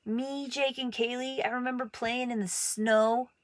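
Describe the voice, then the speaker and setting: A woman's voice: unhurried, no echo. Woman telling stories in a dry room. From Montana. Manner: animated, acts out quoted voices with big pitch jumps. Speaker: artist telling her life story. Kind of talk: casual personal storytelling.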